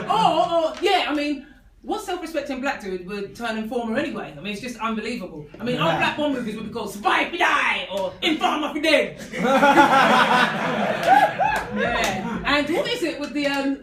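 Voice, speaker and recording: A woman's voice: sits high, distant mic. A woman performing a stand-up comedy set, laughing at her own jokes and leaning on "I mean.". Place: comedy venue with live audience. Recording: echoey room recorded from afar, noisy.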